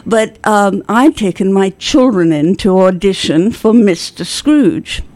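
A woman's voice: medium pitch, lively intonation, measured pace, darkish tone, no room sound. A middle-aged woman guest in a casual interview, telling stories in a theatrical, self-deprecating way. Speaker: theater producer and actor, guest.

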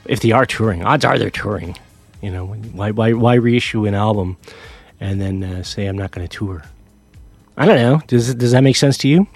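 A man's voice: lowish voice, normal speed, vocal fry, husky. Man, middle-aged, radio host, rambling casual storytelling, self-deprecating, faint music underneath. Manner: rambling, self-deprecating, with animated quoted voices.

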